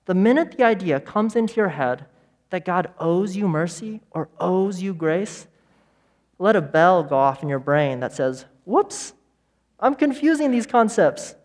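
A man preaching a sermon as pastor, emphatic, with repeated phrases and dramatic pauses. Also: high-pitched. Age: adult parent of young children.

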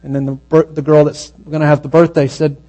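A man preaching a sermon, telling a story in a conversational way and dropping to a hushed, slow voice at its tender moments. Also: fairly high pitch, flat delivery, muffled recording.

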